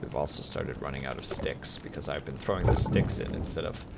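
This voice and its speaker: Gravelly-voiced man chatting on stream. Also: rumbling low, a little fast, heavy background noise. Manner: chatty, jumps between game and chat replies. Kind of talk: casual gaming stream chat.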